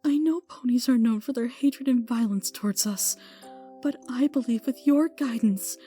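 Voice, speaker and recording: A woman voicing a distraught young mother mare who pleads urgently and often drops to a hush, in a fan audio drama. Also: fairly high pitch, moderate pace, faint music behind, close to an everyday voice.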